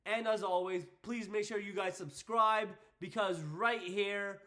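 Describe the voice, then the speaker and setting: A young man talks through his predictions in a high, bright voice that swings up and down. He gets excitable and repeats his lines to hype his picks. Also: normal speed, hardly any pauses. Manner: excitable, hyping things up with repeated phrases. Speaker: wrestling channel host. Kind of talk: casual predictions vlog.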